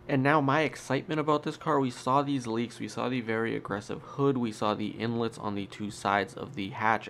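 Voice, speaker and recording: A man's voice: on the low side, vocal fry, slight background noise. A man hosting his own car channel, talking in an upbeat, chatty and emphatic way with a nasal voice. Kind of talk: solo vlog commentary.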